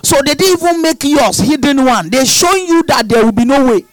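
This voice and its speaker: High, lively-voiced preaching man. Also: brisk, no echo, rough recording. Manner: impassioned, shouting repeated prayer lines. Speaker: pastor. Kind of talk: preaching and praying over a congregation.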